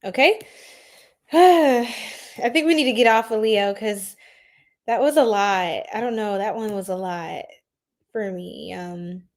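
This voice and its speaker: Slow-talking giggly woman livestreaming. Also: medium pitch. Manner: giggly, flustered, talks straight to chat. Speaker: astrology livestream host. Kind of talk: casual livestream chat with viewers.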